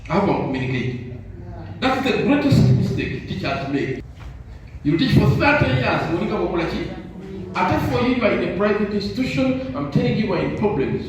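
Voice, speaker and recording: An older man giving a motivational talk to teachers, preachy and insistent, leaving sentences open for the audience to finish. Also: sits high. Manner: call-and-response, leaves sentences open for the audience to finish with "what?". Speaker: motivational speaker. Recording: echoey hall from far off with faint noise.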